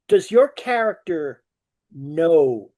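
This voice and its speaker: Interviewer, man, a bit high, halting question style. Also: sing-song, warm tone. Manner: hesitant, self-interrupting questions. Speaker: interviewer, magazine writer.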